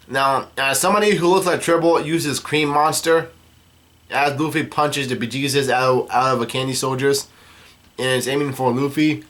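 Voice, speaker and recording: A man casually recapping a comic chapter, halting with many fillers and restarts. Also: medium pitch, fairly bright tone.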